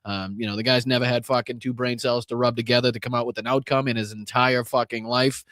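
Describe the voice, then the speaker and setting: A man's voice: medium pitch, little pitch movement, fast, fairly bright tone, no echo, clean studio sound. A man with a Boston accent hosting a live political podcast, talking bluntly and profanely with lots of fillers and restarts.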